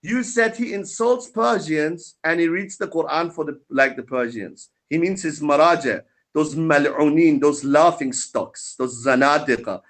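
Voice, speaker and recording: High-voiced man in a heated debate. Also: measured pace, few pauses, fairly bright tone. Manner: mocking, combative, lecturing.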